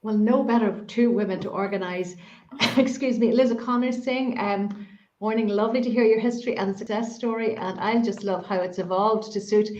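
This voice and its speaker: A woman's voice: medium pitch, steady tone, normal speed, darkish tone, roomy sound, lo-fi sound. A woman hosting a casual interview, reading out viewer comments in an encouraging way. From Ireland. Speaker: host.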